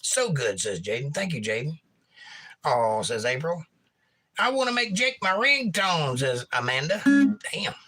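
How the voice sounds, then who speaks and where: A man hosting a relaxed livestream, reading out viewer comments in a laid-back, murmured way with quick bursts. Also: on the high side. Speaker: livestream host and singer-songwriter. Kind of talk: casual chat reading viewer comments aloud. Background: acoustic guitar playing.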